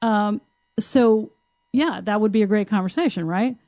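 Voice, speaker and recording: A woman's voice: medium pitch, normal speed, mellow, dry recording. A woman co-hosting a podcast who talks frankly and laughs often in casual conversation. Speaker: podcast co-host, tantra teacher.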